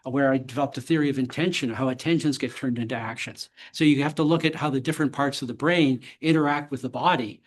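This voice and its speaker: In a lecture hall, a man with a medium-pitched voice gives a university lecture and takes audience questions. He's measured and academic, with occasional blunt, dry humor.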